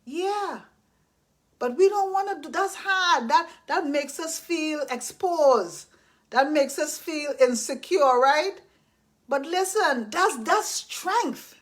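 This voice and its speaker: A woman giving earnest, faith-based life advice in a casual talk, repeating herself and acting out apologies. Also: high-pitched. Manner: earnest and repetitive, acts out apologies.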